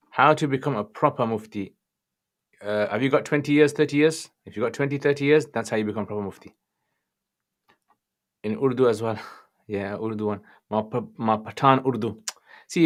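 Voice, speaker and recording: A man with a Birmingham accent hosting a casual livestream Q&A, reading out viewer questions and greeting people by name. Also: fairly low pitch. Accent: Birmingham English. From England. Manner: chatty, greets viewers warmly by name, mixes in Arabic phrases. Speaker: livestream Q&A host answering religious questions.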